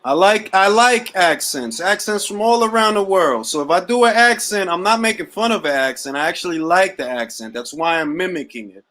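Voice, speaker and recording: A man with a high-sitting, expressive, slightly bright voice hosts a boxing talk livestream, speaking briskly with hardly any pauses on a rough recording. He jokes around in casual slang and keeps repeating catchphrases.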